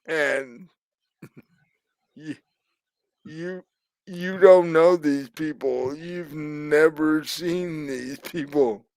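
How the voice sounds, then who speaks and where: Slow-talking man running a tabletop game. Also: on the high side, a little mellow, dry recording. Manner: slow, laughing, hesitant narration. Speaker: game master.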